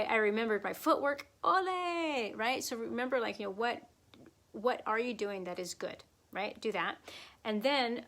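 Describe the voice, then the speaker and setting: A woman's voice: medium pitch, fairly bright tone. A woman flamenco dance teacher answering questions in a live online Q&A, chatty and encouraging, with many fillers and asides.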